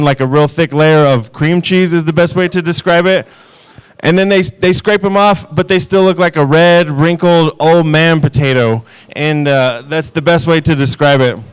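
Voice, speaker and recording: Deadpan self-mocking stand-up comic man. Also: fairly high pitch, smooth. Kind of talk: stand-up comedy set.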